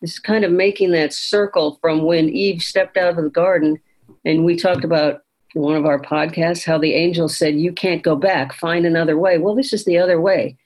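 A woman's voice: lowish voice, fairly even intonation, normal speed, a little mellow, poor audio. A woman co-hosting a faith podcast, thoughtfully retelling a Bible passage and quoting its lines in conversation. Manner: reflective, retelling scripture with quoted lines. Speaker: podcast co-host.

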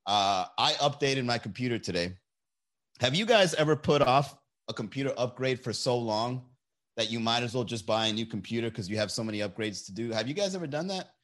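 Profane, animated comedy podcast host. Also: male voice, medium pitch, a little fast. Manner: profane, animated, laughs often. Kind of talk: casual comedy monologue on a livestream. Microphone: desk mic with mixer.

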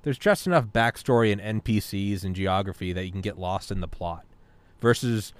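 A man with a lowish voice rambling through a loose, profane, philosophical podcast chat. The sound is close and dry, with no room around it. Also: normal speed, dry recording. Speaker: podcast talker.

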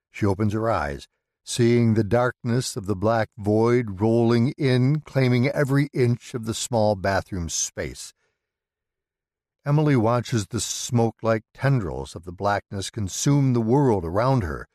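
A man narrating a scripted horror story for a podcast, with a measured, dramatic delivery on a close mic. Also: mid-range voice, darkish tone, no room sound.

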